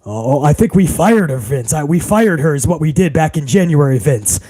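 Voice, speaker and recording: A man doing an impression of a dim, fawning middle-aged son-in-law with a deliberately deeper, stammering voice. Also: expressive, dark tone.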